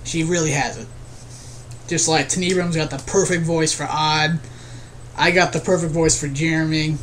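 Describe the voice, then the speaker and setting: Young male creator, casual vlog update, slightly high voice, faint room hiss, earnest and rambling. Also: fairly bright tone. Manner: rambling, restarts often, earnest. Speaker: video creator.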